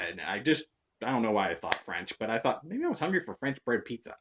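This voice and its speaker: A woman telling stories in a casual vlog monologue, sarcastic and animated. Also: brisk. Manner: animated, sarcastic, jumps between high and low tones. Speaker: vlogger.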